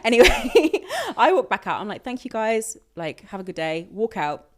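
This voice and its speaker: Lively young woman retelling a story. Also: mid-range voice, a little fast. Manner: lively, playful, mimics staff in quoted dialogue. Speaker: podcast co-host. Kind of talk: casual storytelling chat.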